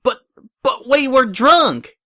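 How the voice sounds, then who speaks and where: A man's voice: extremely high pitch, expressive, slow, a bit bright, pitched above the performer's own voice, full character voice. A man voicing an earnest country mare pony who protests in distress.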